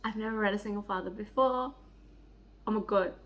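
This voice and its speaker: A young woman chatting excitedly in a book vlog, gushing, giddy and swearing freely. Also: mid-range voice, fairly quick. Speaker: book vlogger. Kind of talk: excited reading vlog chat.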